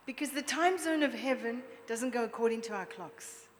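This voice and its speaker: A woman preacher giving a lively, chatty sermon, drawing the congregation in with questions. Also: a little high, normal speed. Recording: long reverb with faint background noise.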